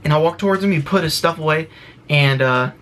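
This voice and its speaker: A man vlogging to his viewers, retelling a tense story in an excited, rushed way with lots of fillers and restarts. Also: fairly high pitch, a little hiss or hum. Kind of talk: casual storytelling to camera.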